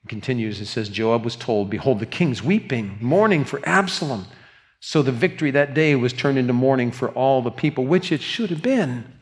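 Older guy preaching, earnest, says things twice, goes quiet and soft at the sad parts. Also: medium pitch, expressive, moderate pace. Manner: earnest, repeats words, drops to soft tones for grief. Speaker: pastor. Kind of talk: sermon.

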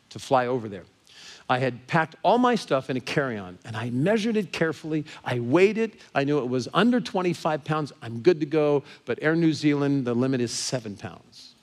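A man with an American accent, a pastor telling a personal story from the pulpit in an animated way. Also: medium pitch. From Southern California. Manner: animated, grows excited and laughing as story builds. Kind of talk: sermon storytelling.

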